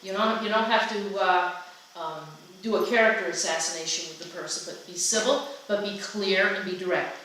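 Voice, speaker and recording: A woman's voice: mid-range voice, normal speed. Chatty woman speaking in an echoey room. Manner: chatty, animated, frequent restarts. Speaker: workshop presenter. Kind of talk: conversational seminar talk. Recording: echoey room from a distance with faint noise.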